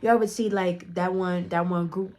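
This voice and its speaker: A young woman telling a storytime vlog, profane and animated. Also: lowish voice, normal speed. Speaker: vlogger.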